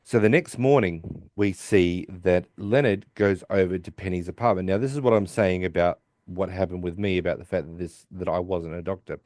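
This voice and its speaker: Dry, low-voiced Australian man podcasting. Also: normal speed, few pauses, a little mellow, dry recording. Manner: loose and rambling, swears casually. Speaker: podcast host. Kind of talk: casual chat recapping a TV episode.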